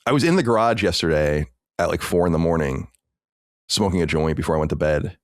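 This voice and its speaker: A man's voice: sits low, expressive, a little fast, dry recording, clean studio sound. A man co-hosting a podcast, chatting casually in a rambling, filler-heavy way. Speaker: podcast co-host. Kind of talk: casual chat.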